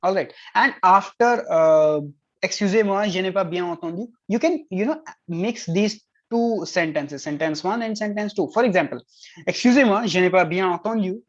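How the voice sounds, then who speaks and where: A tutor's middle-pitched voice shares exam advice, alternating between explaining and giving example phrases in French. Points are punctuated again and again with "all right," on a dull, lo-fi recording.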